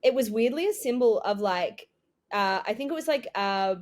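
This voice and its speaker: A woman's voice: a little high, lively intonation, normal speed, a little mellow. A young woman, co-hosting a casual chat with dry, joking asides. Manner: wry, joking, fond of comic asides. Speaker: podcast co-host.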